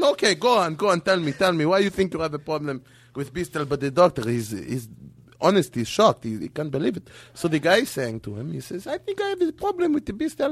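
A man telling a long joke on a podcast in broken English, laughing at his own lines and shouting the doctor's part. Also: sits high, sing-song, fairly quick, vocal fry, hardly any pauses, slightly rough, no room sound. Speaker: comedian guest.

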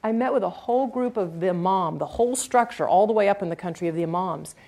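A woman's voice: medium pitch, quick pace. A woman speaking earnestly at a public talk, answering an audience question with a long story. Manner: earnest, animated when retelling encounters, fillers like "um, so".

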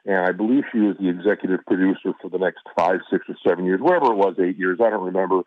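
Brief: man from Chicago, middle-aged, rambling anecdotes, lowish tone, dry close sound. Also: very fast, no room sound. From Chicago, USA. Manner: relaxed storytelling with restarts. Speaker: actor guest. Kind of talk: casual interview chat. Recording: dry, phone-like line.

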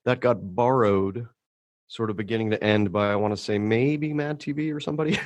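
A middle-aged male comedian in a casual podcast chat, telling animated stories, laughing often and acting out quotes. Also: medium pitch, brisk, dry recording, highs cut off. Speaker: comedian guest.

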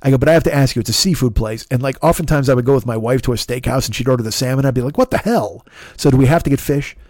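A man hosting a podcast, telling a long, animated, profane story in a casual way and acting out the back-and-forth dialogue. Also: medium pitch, racing, no echo, studio quality. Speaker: podcast host.

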